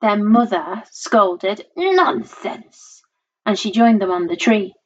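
A woman reading a rhyming storybook aloud in a lilting, rhythmic, expressive voice, on a dull lo-fi recording. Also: medium pitch, a little slow.

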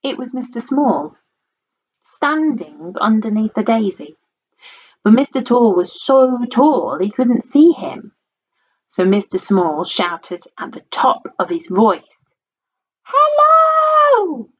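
A woman reading a children's storybook aloud in a playful, expressive way. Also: a little high, takes it slowly, husky. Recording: dull lo-fi recording.

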